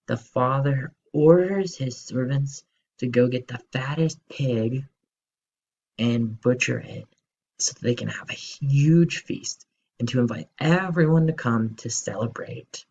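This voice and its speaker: A male teacher telling a story to children in an expressive, slow storytelling manner. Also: mid-range voice, highs cut off.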